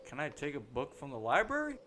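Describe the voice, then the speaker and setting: A man's voice: medium pitch, huge pitch swings, fast. A man voicing a bumbling small-town mayor who stammers and gets flustered, in an amateur fan dub.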